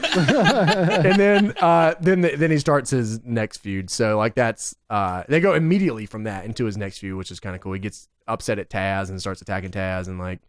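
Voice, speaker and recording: A man co-hosting a podcast in casual chat, retelling a show with excitement, laughing often and swearing freely. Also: fairly low pitch, moderate pace, a little hiss or hum. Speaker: podcast co-host.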